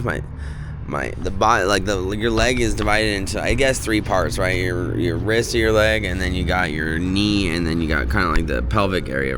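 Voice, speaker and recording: Deep-voiced guy rambling on in his vlog outside, noisy street sound. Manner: rambling, drifting from topic to topic. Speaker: vlogger. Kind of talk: casual self-filmed vlog. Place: outdoors in hot weather. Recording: noisy outdoor recording.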